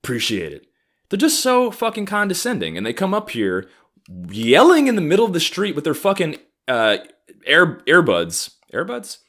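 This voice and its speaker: A man's voice: sits high, wildly swooping pitch, normal speed, a bit bright. A man in his thirties hosting a comedy podcast, delivering an angry, profane, sarcastic rant. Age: 30s. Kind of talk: ranting comedic monologue.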